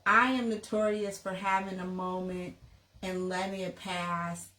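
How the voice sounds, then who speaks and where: A woman's voice: fairly low pitch, flat delivery, a little slow, bright, forceful tone. Reflective woman coach in an echoey room. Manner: reflective, tells personal stories. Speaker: couples and personal development coach. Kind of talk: casual conversation on a podcast. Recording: echoey room, distant from the mic.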